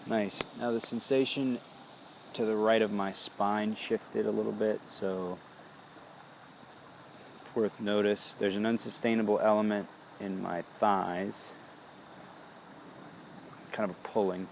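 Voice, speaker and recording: Low-voiced man doing a slow body check-in. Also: level tone, gravelly, a little mellow, slight background noise. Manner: slow, introspective, searching for words. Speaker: founder of a wellness business. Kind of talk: reflective spoken body check-in.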